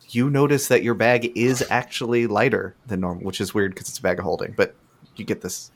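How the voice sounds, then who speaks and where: Man, game master, low voice, relaxed narration, tabletop game. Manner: relaxed, loose with fillers and chuckles.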